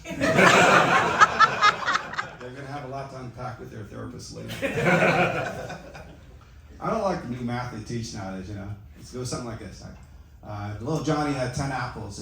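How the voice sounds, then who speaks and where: A middle-aged man doing a stand-up comedy set, delivering deadpan self-mocking one-liners. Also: medium pitch, moderate pace, vocal fry, long pauses. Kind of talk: open-mic stand-up set. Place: comedy club stage with audience. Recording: echoey club from far off, loud noise. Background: audience laughter.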